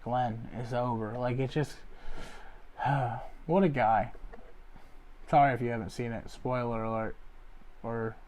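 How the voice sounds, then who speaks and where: A young man, a comedy show host, rambling through a loose joke monologue full of fillers and deadpan asides. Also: mid-range voice. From Ohio area. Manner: loose, filler-heavy, deadpan jokes with acted quotes. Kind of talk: rambling stand-up style monologue.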